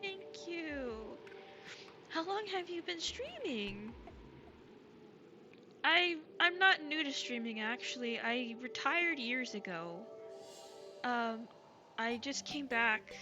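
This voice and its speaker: A woman streamer chats with her viewers in a soft, gushing way, tripping over ums and false starts. Her voice sits a little high and carries a trace of a lingering cold. Music plays clearly behind her. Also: sing-song, slow, pauses often. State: recovering from a cold. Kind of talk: casual live-stream chat.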